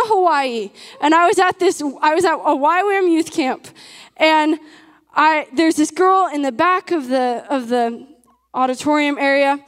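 High-voiced woman preaching in an echoey hall. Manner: earnest and emphatic, asks the audience questions. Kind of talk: sermon.

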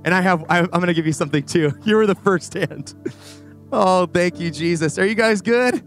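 High-voiced animated male preacher. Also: moderate pace, faint music behind. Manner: energetic, animated preaching with rambling asides. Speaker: youth pastor. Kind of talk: sermon. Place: church stage before a congregation.

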